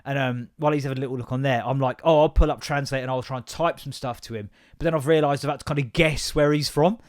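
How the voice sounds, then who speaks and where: A man hosting a podcast, telling rambling, sweary stories in an animated, comedic monologue. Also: mid-range voice, quick pace. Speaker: podcast host.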